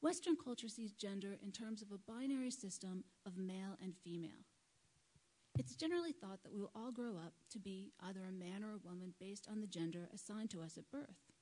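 A woman delivers a prepared talk at a live event, measured and earnest. Her voice sits at an ordinary middle pitch for a woman. She speaks into a microphone at a lectern. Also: mellow, rough recording.

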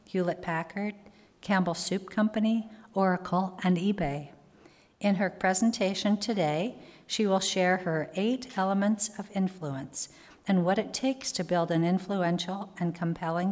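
Lady host reading out a formal intro, lowish voice, long hall echo. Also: darkish tone. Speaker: event host. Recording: reverberant hall.

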